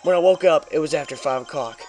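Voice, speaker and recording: A man voicing a soft-spoken, nervous young male actor in a video game read-through. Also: on the high side, quick pace, soft background music, close to an everyday voice. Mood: recounting.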